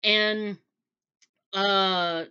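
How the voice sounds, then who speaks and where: Bright-voiced woman chatting about a book. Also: mid-range voice, steady tone, extremely slow, clean tone, highs cut off. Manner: chatty, rambling, acts out dialogue. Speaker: book reviewer. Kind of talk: casual book review chat.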